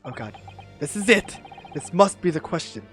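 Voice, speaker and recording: Excitable stammering woman streamer. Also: lowish voice, moderate pace, faint music behind. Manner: excitable, stammering, panicky outbursts. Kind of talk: live game stream.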